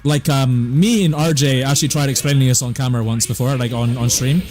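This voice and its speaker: A man's voice: mid-range voice, brisk, darkish tone, faint music behind. A man from southwest England with a West Country accent, chatting casually on a game stream and answering chat in a laid-back way. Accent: West Country English.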